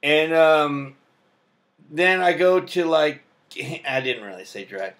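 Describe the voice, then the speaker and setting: A man's voice: a little high, very animated, takes it slowly, fairly bright tone. A young adult man telling a rambling story in a casual vlog, full of fillers and laughs. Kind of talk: rambling personal vlog monologue.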